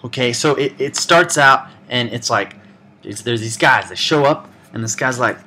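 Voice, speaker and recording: A man with a bright, punchy voice recaps a film for a comedy vlog. He rambles along excitedly and keeps slipping into quick acted-out quotes from the characters. His delivery stays forceful and chatty throughout. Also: medium pitch, a little hiss or hum. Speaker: comedy movie reviewer.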